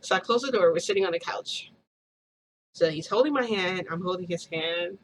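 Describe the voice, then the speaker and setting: A woman's voice: on the low side, normal speed, slight background noise. Giggly, gushing woman vlogger. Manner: giggly, gushing, addresses viewers as "guys". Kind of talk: chatty storytelling to viewers.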